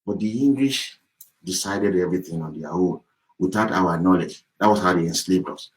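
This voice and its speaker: A man's voice: low voice, a little fast, a little mellow, poor audio. A man giving an impassioned political address as an activist, heated, profane and repetitive. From Yorubaland, southwest Nigeria.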